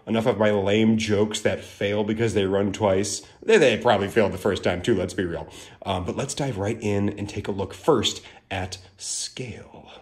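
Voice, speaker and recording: A man's voice: lowish voice, darkish tone. A man giving a casual, gushing video review of a card deck, chatty and full of filler words.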